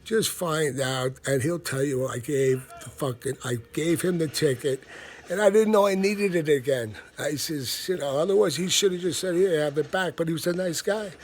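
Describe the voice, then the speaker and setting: A man's voice: on the high side, moderate pace, a little hiss or hum. A man, telling a story in a blunt, profane, casual rant. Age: 50s. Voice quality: gravelly, husky. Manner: profane, blunt, laughs between lines.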